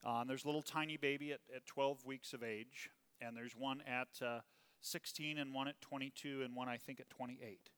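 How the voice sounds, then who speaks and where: Emphatic preacher in a reverberant church. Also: male voice, mid-range voice, fairly even intonation, normal speed, fairly bright tone, clean tone. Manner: emphatic, stretches key words, asides and chuckles. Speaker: pastor. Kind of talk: sermon. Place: church sanctuary. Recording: long reverb from a church hall.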